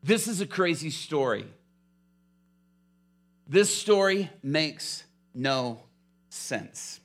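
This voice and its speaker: A man preaching a sermon, retelling a story in an animated way and acting out the scenes. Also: on the high side, extremely slow.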